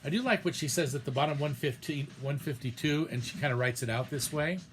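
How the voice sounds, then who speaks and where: A man's voice: on the high side, fairly quick, a little hiss or hum. A man teaching a class on preaching in a casual lecture, speaking loosely and hesitantly with many fillers and restarts. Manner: reads short quotes aloud from a text. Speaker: preaching instructor.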